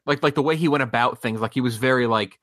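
Casting: man, mid-pitch, rambling and hesitant, casual swearing, dry close sound. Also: quick pace, fairly bright tone, no room sound. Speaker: podcast co-host. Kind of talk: casual movie chat.

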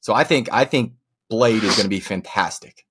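A man's voice: on the low side, moderate pace, fairly bright tone, slight background noise. A man co-hosting a casual movie podcast, talking enthusiastically and laughing between points. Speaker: podcast co-host.

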